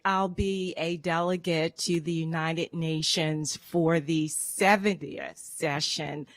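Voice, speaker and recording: A woman guest speaker giving short formal remarks in a measured, proud way. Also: lowish voice, no echo.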